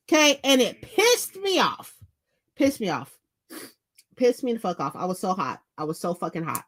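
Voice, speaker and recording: A woman hosting a book vlog, chatting casually to her viewers at home, animated and profane, repeating phrases for emphasis. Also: mid-range voice, moderate pace. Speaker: book vlogger host. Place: indoors at home.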